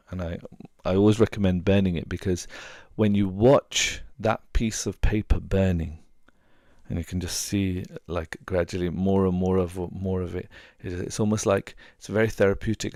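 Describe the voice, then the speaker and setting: Man, very low gravelly voice, dry close sound; earnest coach who repeats himself for emphasis. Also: darkish tone, no echo. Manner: earnest, repeats words for emphasis, many restarts. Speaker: relationship coach and hypnotherapist. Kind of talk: advice talk to camera.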